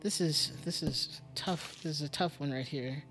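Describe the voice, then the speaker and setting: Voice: mid-range voice, normal speed, a bit bright, faint music behind. A streamer thinking aloud during a casual live-stream game commentary, muttering and musing with lots of fillers.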